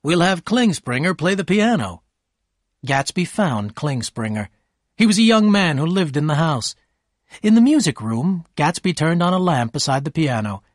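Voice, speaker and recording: A man reading a graded story aloud for English learners in slow, clear scripted narration. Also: mid-range voice, no room sound, clean studio sound.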